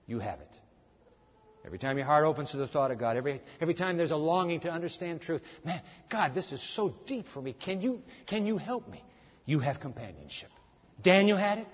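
A man preaching a sermon in a church, building to soaring, slowed climaxes and dropping to hushed tones. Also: fairly high pitch. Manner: impassioned, slows and swells at climaxes, drops to hushed near-whispers. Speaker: pastor. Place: church sanctuary. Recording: dull lo-fi sound in a reverberant hall.

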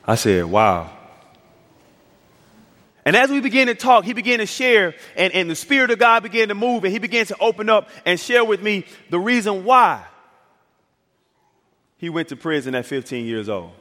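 High-voiced preacher man in a reverberant hall. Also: sing-song, normal speed, long pauses, sharp tone. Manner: storytelling preacher, acts out dialogue, builds to emphatic climaxes. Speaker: pastor. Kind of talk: sermon. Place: church sanctuary.

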